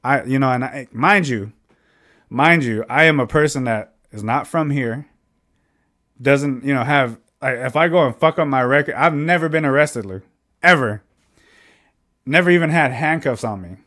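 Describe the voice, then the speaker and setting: A man's voice: mid-range voice, normal speed. Heated, profane man telling a story. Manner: heated, profane, reenacts his own lines loudly. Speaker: podcast co-host. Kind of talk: casual storytelling.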